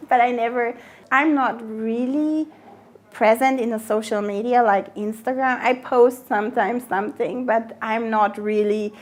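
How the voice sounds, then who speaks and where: A woman who grew up in Germany and owns a cafe, talking in a documentary interview and acting out quoted dialogue with frequent laughs. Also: fairly high pitch. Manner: lively, acts out quoted dialogue, laughs often. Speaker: cafe owner.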